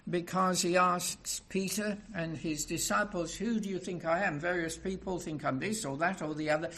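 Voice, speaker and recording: A male preacher delivering a sermon in a slightly high voice. He draws his listeners in with rhetorical questions and builds to emphatic, rising passages.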